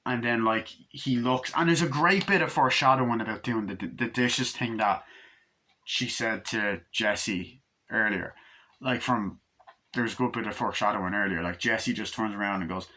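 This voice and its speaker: Young man, bright and eager, retelling movie scenes in a loose, profane review. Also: fairly low pitch, normal speed.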